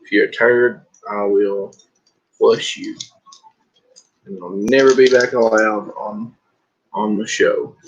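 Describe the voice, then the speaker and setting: A man's voice: lowish voice, flat delivery, slow, pauses often, husky, highs cut off. A man hosting a casual livestream while packing books, chatting loosely and joking with viewers and a guest. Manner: joking, rambling, breaks into laughter. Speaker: livestream host. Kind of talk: casual live-stream chat.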